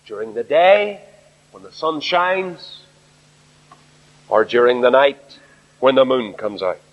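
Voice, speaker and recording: Irish preacher in an echoing hall. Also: male voice, medium pitch, animated, takes it slowly, pauses often. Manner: emphatic, addresses the congregation directly. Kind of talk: sermon. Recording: dull recording in a reverberant hall.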